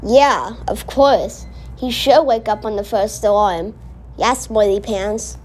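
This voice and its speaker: Slowly and at a medium pitch, a woman excitedly rambles through a casual reaction video, often correcting herself, with slight background noise.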